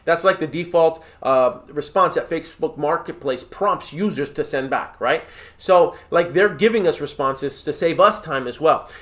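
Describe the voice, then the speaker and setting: Emphatic man coaching, slightly high voice. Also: moderate pace, a bit bright. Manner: emphatic and direct, with frequent "right?" and "okay?" check-ins. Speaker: real estate mentor. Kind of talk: coaching talk to camera.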